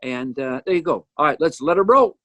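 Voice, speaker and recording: An older man at home jokes his way through commentary on his own music video, animatedly teasing everyone who appears. He speaks briskly in a slightly high voice.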